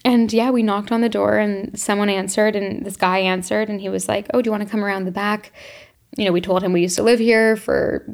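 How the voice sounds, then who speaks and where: A woman's voice: medium pitch, steady tone, fairly quick, creaky. A young woman from Canada, hosting her own podcast, tells a personal story in a reflective, emotional way and laughs often. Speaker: podcast host. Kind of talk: casual solo monologue.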